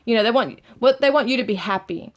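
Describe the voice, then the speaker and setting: A woman's voice: fairly high pitch, lively intonation, fast talker. Gushing, tearful woman tarot reader. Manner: emotional, breaking up and near tears; gushing, many sighs and exclamations. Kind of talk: channelled tarot reading.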